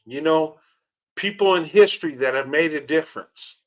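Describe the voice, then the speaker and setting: A man's voice: on the high side, moderate pace. A man hosting a reaction video, commenting on clips in an earnest, heartfelt way, often laughing and repeating himself. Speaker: channel host reacting to clips.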